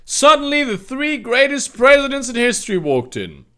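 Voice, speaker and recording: A man's voice: very high voice, sing-song, moderate pace, fairly bright tone, a little hiss or hum. A man doing a mocking comedic reading of fan fiction, breaking off for sarcastic, incredulous asides. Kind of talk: mocking dramatic reading with commentary.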